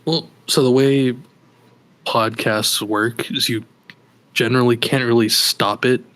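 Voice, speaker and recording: A male podcast co-host chatting casually about films, with a rambling, jokey delivery. He often restarts his sentences and trails off in the middle of a thought. His voice sits at an ordinary middle pitch. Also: fairly even intonation, measured pace, fairly bright tone. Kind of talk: casual chat. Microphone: podcast microphone.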